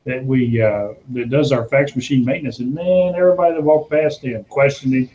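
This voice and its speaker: Man telling a story, mellow voice in an echoey room. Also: fairly quick, hardly any pauses, muffled recording, a little hiss or hum. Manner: animated storyteller, acts out quotes in a higher voice, laughs often. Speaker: podcast host. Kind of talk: casual storytelling chat.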